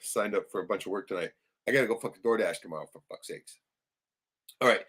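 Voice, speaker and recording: A man hosting a casual livestream, rambling and swearing often, suddenly turning loud and excited. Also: on the low side, fast, slightly rough. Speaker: livestream host.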